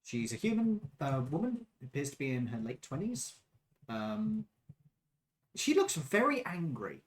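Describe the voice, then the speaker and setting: A man's voice: high voice, big pitch swings, measured pace. A man running a tabletop game as game master, narrating casually with hesitant fillers.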